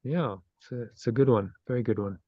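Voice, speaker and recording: A man leads a group discussion and then a short guided meditation over a video call, earnest and thinking aloud as he restarts his phrases. His voice sits at an ordinary pitch. The audio is dry and dull, like a low-fi online call. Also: a little fast, a little mellow, no room sound. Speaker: study group leader.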